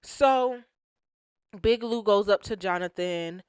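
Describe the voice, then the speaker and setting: A woman's voice: medium pitch, slow, clear, resonant tone, no room sound, studio quality. Slangy woman recapping a reality show. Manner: animated, slangy, acts out quotes. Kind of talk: casual recap commentary.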